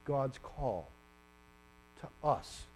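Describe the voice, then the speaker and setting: A man preaching a sermon, animated and acting out the story with sudden loud bursts. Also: mid-range voice, extremely slow.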